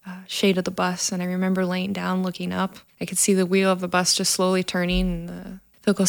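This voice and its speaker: A woman's voice: lowish voice, monotone, fairly quick, gravelly. A woman, a trauma nurse, telling a personal story in an earnest way and acting out the dialogue.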